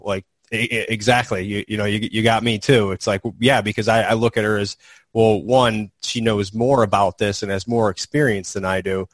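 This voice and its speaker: A man with a somewhat low voice talks earnestly in a casual podcast chat. He restarts his sentences often, repeating words as he searches for them. The recording is dry and close. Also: steady tone, no echo. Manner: earnest, halting, many restarts. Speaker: podcast co-host.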